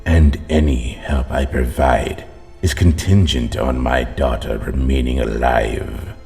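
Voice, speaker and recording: A man playing a deep gravelly scheming sorcerer. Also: fairly even intonation, slow, a little mellow, soft background music, heavily acted. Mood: cold menace. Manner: cold, bargaining. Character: scheming villainous father, a sorcerer. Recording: long echoey reverb.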